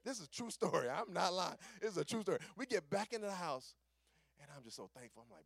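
Male preacher, high gravelly voice, dry close sound, storytelling sermon with amen call-outs. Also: fast, no room sound. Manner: animated, calls for amen, acts out quotes.

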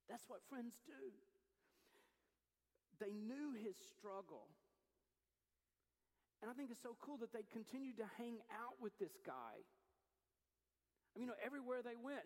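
A man preaching a sermon, telling a scripture story with animated energy and acting out the voices of the people in it. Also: high voice, a little fast, long reverb tail, rough recording. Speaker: pastor.

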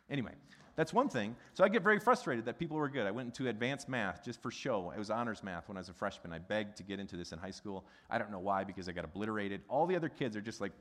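A middle-aged man from the Midwest preaching a sermon in a conversational, animated way, asking the congregation questions. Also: on the low side. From American Midwest. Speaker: pastor. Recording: long hall reverb.

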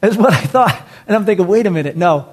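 A male pastor with a notably high voice delivers a sermon. He preaches in an animated way, building phrases up with force, then dropping almost to a whisper on key words. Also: fast, slightly rough. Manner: animated preaching with big pitch swings and hushed drops.

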